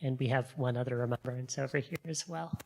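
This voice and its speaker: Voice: medium pitch, vocal fry. A service leader reading out a list of names of the departed for remembrance. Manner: measured, even reading of a list.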